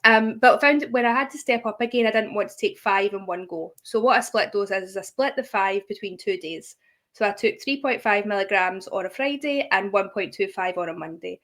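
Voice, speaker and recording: A woman's voice: mid-range voice, brisk, a bit bright. A young woman, a guest creator in a casual interview, friendly and laughing often as she explains. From United Kingdom.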